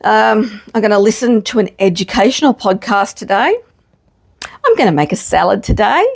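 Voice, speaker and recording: A woman's voice: medium pitch, animated, moderate pace, gravelly. A middle-aged woman, chatting casually to camera in a frank, self-mocking way and swearing freely. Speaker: vlogger. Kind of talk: casual chat.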